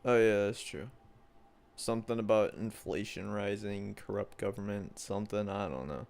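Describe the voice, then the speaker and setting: A man's voice: fairly low pitch, normal speed, vocal fry, darkish tone. Laid-back young man, joking and swearing. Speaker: podcast co-host. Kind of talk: casual chat.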